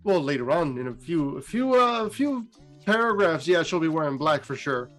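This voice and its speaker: Chatty guy telling game lore, fairly high voice, faint music behind. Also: normal speed. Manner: chatty, many fillers, animated pitch jumps. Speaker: lore storyteller. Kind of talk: casual lore retelling.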